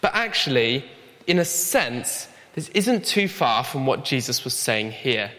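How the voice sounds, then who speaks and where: A man's voice: mid-range voice, big pitch swings, measured pace, bright, forceful tone. A young man preaching a sermon in an earnest, conversational way with light humor. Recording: long hall reverb.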